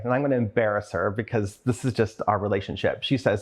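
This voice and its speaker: A man's voice: on the low side, fast talker, few pauses, slightly rough. A man giving a motivational talk as a conference speaker, telling a personal story earnestly and with open emotion, and acting out the voices of the people in it. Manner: earnest, openly emotional, acts out the voices in his stories.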